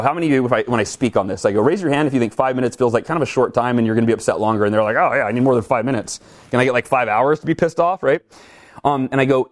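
A middle-aged man talking in an interview, energetic and animated, acting out his own reactions as he tells stories. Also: medium pitch. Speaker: guest speaker. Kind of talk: conversational interview, storytelling.

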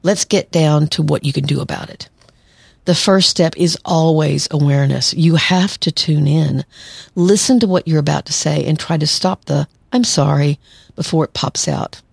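Low gravelly-voiced woman therapist host. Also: normal speed, darkish tone, no room sound. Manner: conversational, acts out quoted lines, laughs lightly. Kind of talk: solo podcast advice talk.

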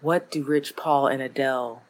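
A woman co-hosting a podcast from home in casual chat, blunt and profane, acting out quotes in animated voices. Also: rumbling low, moderate pace. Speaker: podcast co-host. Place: at home, late at night.

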